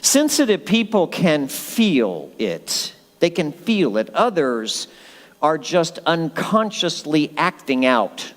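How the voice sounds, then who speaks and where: Male pastor, sermon delivery, slightly high voice, emphatic and jokey, long hall reverb. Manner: emphatic, conversational and joking.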